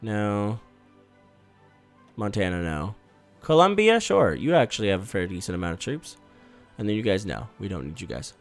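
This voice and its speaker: A man giving casual, swear-laced commentary while playing a strategy game, bursting out loudly when things go wrong. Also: on the low side, sing-song, normal speed, faint music behind. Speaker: gaming YouTuber.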